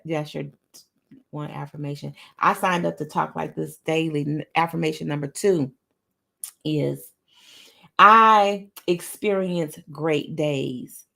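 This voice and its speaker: A woman's voice: fairly low pitch, gravelly, breathy edge. A woman hosting a motivational affirmation session, speaking emphatically and repeating each affirmation aloud, with playful sing-song bursts. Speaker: motivational talk show host.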